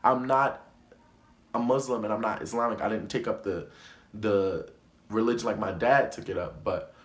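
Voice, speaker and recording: A man's voice: on the low side, moderate pace, echoey room. A young man telling a story time vlog in an emphatic, indignant way, often repeating himself. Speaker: vlogger.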